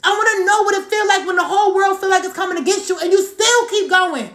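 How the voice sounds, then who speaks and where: A woman in her thirties coaches her team over a live stream. Her voice sits very high, and she hammers each point home with repetition while calling out viewers by name. The sound carries a roomy echo. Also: fast talker, a bit bright. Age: 30s. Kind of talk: motivational live-stream talk.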